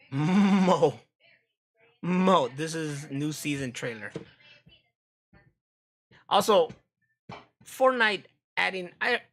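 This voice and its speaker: A man's voice: mid-range voice, sharp tone. An American man streaming, chatting casually and profanely while reacting to videos, often laughing. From United States.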